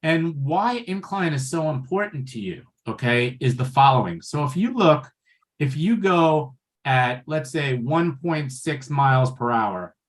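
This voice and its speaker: A man giving a passionate, conversational webinar talk on pulmonary wellness over a video call, often checking in with "right?". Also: mid-range voice.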